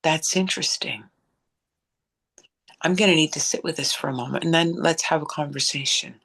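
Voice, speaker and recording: A woman co-hosting a reflective conversation, speaking in a thoughtful, measured way. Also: low-pitched, fairly bright tone. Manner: thoughtful, measured, spiritual vocabulary. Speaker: co-host.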